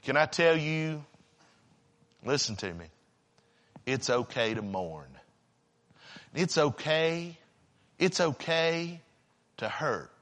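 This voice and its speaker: A man preaches a sermon in a high, bright voice. He moves deliberately, then surges into shouts before dropping to hushed, almost whispered passages. A long reverb hangs around him, as in a large hall. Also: big pitch swings. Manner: dramatic, swinging between shouting and hushed near-whispers.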